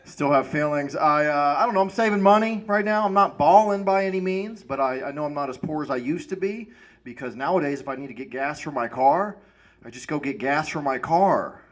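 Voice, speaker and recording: Male stand-up comic, slightly high voice, laid-back and self-mocking. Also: a little fast. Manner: self-deprecating, laid-back stoner delivery. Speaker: stand-up comedian. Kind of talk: stand-up comedy set. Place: comedy club stage with audience.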